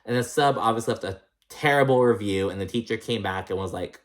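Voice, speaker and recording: A man's voice: on the low side, brisk. Profane, chatty young man recapping TV. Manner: profane, chatty, laughs often, acts out quotes. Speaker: reality TV recap vlogger. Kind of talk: casual recap chat.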